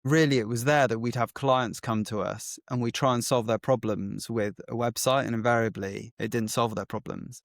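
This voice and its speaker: Animated man telling stories. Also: medium pitch, no room sound, studio quality. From England. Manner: animated storyteller who acts out quoted exchanges, frequent "like" fillers. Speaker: guest, agency founder. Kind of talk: casual storytelling interview.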